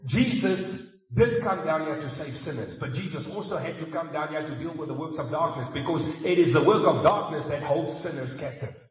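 A man delivers a sermon in a conversational way, slipping in humorous asides. His voice sits a little high for a man. He stands away from the mic, and the sound rings through a large reverberant church hall. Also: moderate pace. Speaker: preacher. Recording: echoey hall, mic far off.

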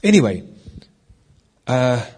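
A man's voice: medium pitch, very animated, takes it slowly, darkish tone, breathy edge. A man preaching a sermon in a conversational way, with rhetorical questions and stories from his meetings.

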